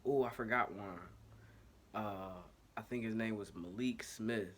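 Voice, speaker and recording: Unhurried and fairly bright, his voice sits on the low side. He's a man from Ohio, accent and all, hosting a sports podcast of relaxed, slangy fan talk from a home setup in a single take, fixing his own slips and apologizing over tech hiccups.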